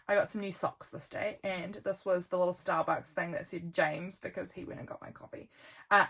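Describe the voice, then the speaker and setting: A woman's voice: on the low side, creaky. A woman chatting casually while flipping through her journal, rambling with lots of "um" and "like", her voice worn out from a long filming session. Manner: rambling, with frequent "um" and "like" and soft laughs. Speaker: junk journal vlogger.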